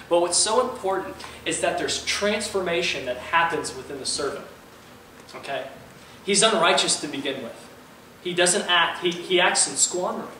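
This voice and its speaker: A young man preaching a sermon, lively, quizzing the audience and acting out the characters he quotes. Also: fairly high pitch. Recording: echoey room, voice from far off, faint ambient noise.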